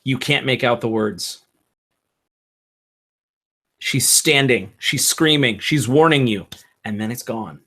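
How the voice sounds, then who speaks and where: A man narrating a tabletop game as game master, in slow, halting narration with fillers. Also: mid-range voice, sharp tone.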